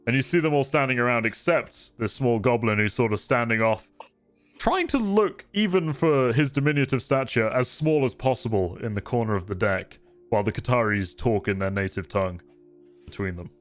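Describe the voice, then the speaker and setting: A man's voice: mid-range voice, moderate pace, soft background music. A man narrating a tabletop game as game master, descriptive and often laughing.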